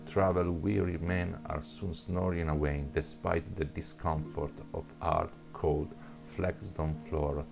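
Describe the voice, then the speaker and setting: A man's voice: sits low, flat delivery, slow, creaky, music in the background. A man with another first language reading a second-person adventure story aloud, stumbling and restarting words. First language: not English. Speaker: narrator.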